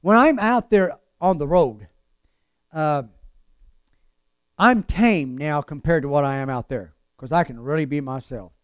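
A man preaching a sermon with passion, drawing out key words slowly and then rushing through quick asides. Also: on the high side, lively intonation, clean tone, dry recording, clean studio sound. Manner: impassioned, swings between slow emphatic lines and fast asides.

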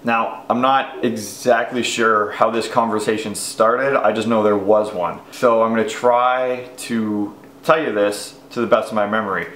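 A man's voice: fairly low pitch, steady tone, measured pace, fairly bright tone, roomy sound, a little hiss or hum. A young man telling a crude, rambling story, full of swearing and quoted voices. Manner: profane, rambling, quoting people in voices. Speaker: vlogger.

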